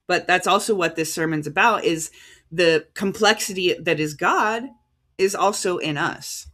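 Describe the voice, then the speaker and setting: An American woman preaching a livestreamed sermon in a conversational, halting way, stopping to sort out names and titles as she reads them out. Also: fairly low pitch, fairly bright tone. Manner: conversational, halting, stops to reread cited titles.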